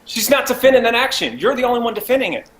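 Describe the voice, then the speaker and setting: A man's voice: very high-pitched, very animated, quick pace, crowd noise. A man playing a tabletop game, arguing heatedly in character, defensive and stammering. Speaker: player. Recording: echoey room with faint noise.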